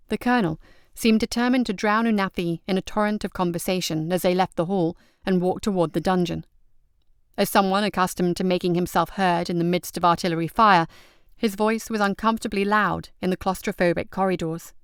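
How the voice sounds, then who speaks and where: A woman reading a fantasy story as scripted narration, measured and even. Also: fairly low pitch, clean tone, no echo, studio quality. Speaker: audiobook reader.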